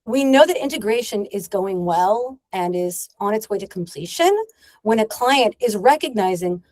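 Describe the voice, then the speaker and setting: A woman's voice: mid-range voice, animated, normal speed, darkish tone, no echo. A woman psychotherapist giving a training talk to colleagues, explaining methods and acting out short client exchanges. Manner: explanatory, acts out client dialogue. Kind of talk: recorded training presentation.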